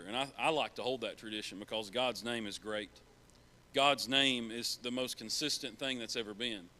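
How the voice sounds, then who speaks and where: Bright-voiced man preaching earnestly. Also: medium pitch. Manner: earnest, repeats key phrases for emphasis. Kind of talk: sermon. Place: church.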